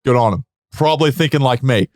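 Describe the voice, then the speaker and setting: A man's voice: medium pitch, fast talker, a little mellow, no room sound. A man co-hosting a casual chat show, giving blunt, jokey opinions. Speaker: co-host.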